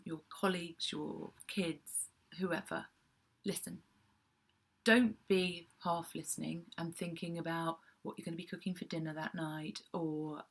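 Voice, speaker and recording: A woman's voice: on the low side, fairly bright tone. A woman from England giving casual advice to camera as a PR coach, chatty with self-deprecating asides. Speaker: PR coach vlogger.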